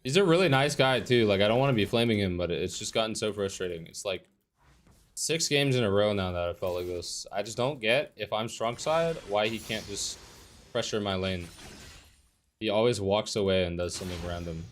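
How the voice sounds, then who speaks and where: A man's voice: fairly low pitch, expressive, moderate pace. A young man streaming a competitive game and commenting live, frustrated, swearing and ranting about his teammates.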